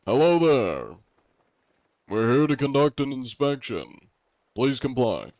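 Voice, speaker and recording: A man's voice: medium pitch, big pitch swings, slow, a little mellow, dry recording, voice pushed up. A man putting on a mock-polite inspector voice. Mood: mock-official. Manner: formal, mock-official politeness. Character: officious male anti-cheat inspector, mock-polite. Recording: dull lo-fi stream audio.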